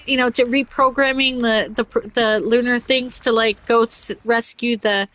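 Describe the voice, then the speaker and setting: High-voiced woman rambling in a dry room. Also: fairly even intonation, normal speed, fairly bright tone, no room sound, low-quality recording. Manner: rambling, giggly, talks over herself. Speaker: podcast host. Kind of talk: casual chat reading news aloud.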